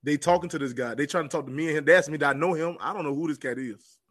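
A man telling a story as a podcast guest, animated, and repeating phrases for emphasis. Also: on the high side, rapid-fire. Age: adult with children. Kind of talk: casual storytelling.

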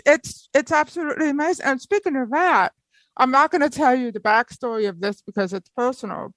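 A woman as an interview guest, telling personal stories in an animated, lively way with frequent laughs. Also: on the high side, no echo, rough recording. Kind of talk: personal storytelling in conversation.

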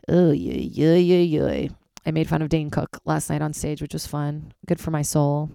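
A woman stand-up comedian hosting her own podcast, rambling and swearing in casual chat, jumping into sudden high excited voices. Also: normal speed, vocal fry, smooth, no echo, studio quality.

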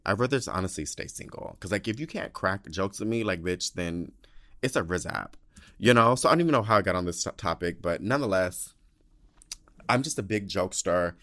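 Animated, gossipy man with lively pitch. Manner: gossipy, animated, swears a lot, acts out quotes with big pitch jumps. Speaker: podcast host. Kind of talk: casual solo storytelling. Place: home with cats.

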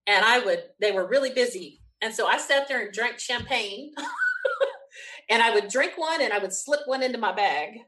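A woman with a Southern US accent, a guest telling an animated story, laughing often and acting out what people said. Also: a little high, normal speed. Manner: lively, frequent laughs, acts out quotes.

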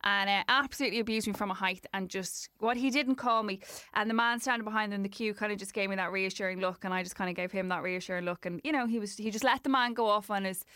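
An Irish woman in casual conversation, telling lively stories about her airline job and her television habits. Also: mid-range voice, smooth, no room sound, clean studio sound. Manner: animated storyteller, quick asides. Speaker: podcast guest, former airline worker. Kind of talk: casual chat.

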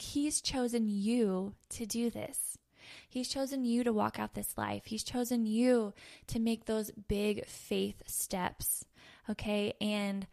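A woman in her thirties talks through a devotional in a casual, earnest way, with plenty of fillers. Her voice sits fairly high and has a gravelly fry. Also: darkish tone. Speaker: podcast host. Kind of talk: conversational devotional teaching.

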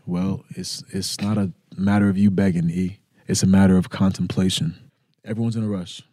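A man co-hosting a casual podcast, animated and joking with his friends. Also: low-pitched, moderate pace, dry recording, studio quality. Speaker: podcast co-host. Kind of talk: casual chat.

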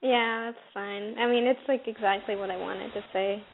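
A woman's voice: a little high, fairly even intonation, normal speed, vocal fry. A woman calling in to a radio show, speaking hesitantly and with frequent giggles. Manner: hesitant, giggly, soft-spoken. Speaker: caller. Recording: tinny phone line.

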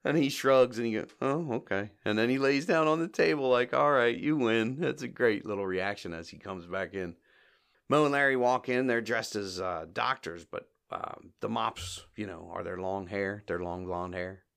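A man's voice: lowish voice, normal speed, creaky, a bit bright, clean tone. A man hosting a podcast, casually retelling a comedy short scene by scene, acting out the quoted lines and laughing often. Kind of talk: casual recap commentary.

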